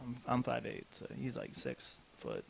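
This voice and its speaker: Man, podcast co-host, casual chat, gravelly voice, short dry remarks. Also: mid-range voice, huge pitch swings, normal speed, a little hiss or hum.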